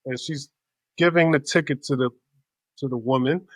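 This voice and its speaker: A man hosting a podcast, telling a casual story in an animated, profane way. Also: medium pitch, normal speed, no echo. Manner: animated, profane, acts out other people's voices. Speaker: podcast host.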